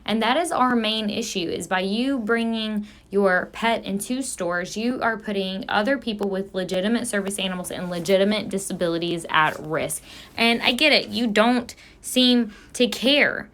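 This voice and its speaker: A woman's voice: mid-range voice, normal speed, fairly bright tone. A woman vlogger giving earnest commentary as she reads out viewer comments and lectures about service dogs. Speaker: vlogger, service dog handler.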